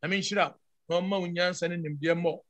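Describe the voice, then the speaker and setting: A man's voice: high-pitched, fairly even intonation, quick pace, fairly bright tone, no echo. Ghanaian man in his sixties, emphatic, dry sound, mixes in English words. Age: 60s. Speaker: church member giving a response. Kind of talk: impassioned church discussion.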